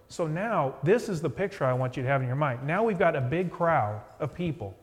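A middle-aged male pastor preaching a sermon, retelling a story and softly acting out the voices in it. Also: fairly high pitch, lively intonation, moderate pace, few pauses. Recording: long hall reverb.

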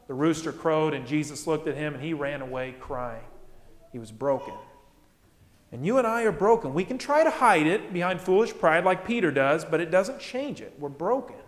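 A man's voice: a little high, lively intonation, brisk, hardly any pauses, echoey room, in a large hall. A man preaching a sermon as pastor, emphatic and repeating his key phrases.

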